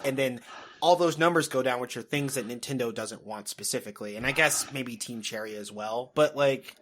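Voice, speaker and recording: A man's voice: mid-range voice, normal speed, slight background noise. A man co-hosting a podcast in casual, rambling chat, swearing freely. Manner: rambling, swears freely, bursts into loud laughter. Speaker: podcast co-host.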